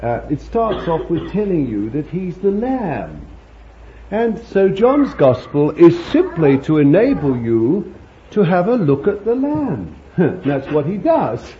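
Chuckling preacher man, rambling and animated. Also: a little high, takes it slowly. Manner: rambling, chuckling, fond asides. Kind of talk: conversational sermon. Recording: dull lo-fi recording with faint hiss.

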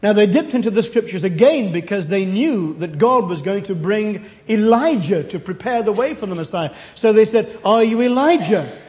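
A man's voice: high voice, lively intonation, moderate pace, hardly any pauses, lo-fi sound. A man preaching a sermon, telling a story and acting out its questions and answers.

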